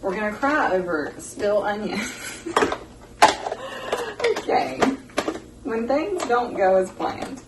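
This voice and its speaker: A woman hosts a home cooking vlog, chatting in a folksy way and calling her viewers "y'all," with an expressive mid-range voice, a slow pace and long pauses. She's recorded from far off across a roomy, echoey kitchen. The audio is very noisy, with dishes and pans clattering loudly in the background.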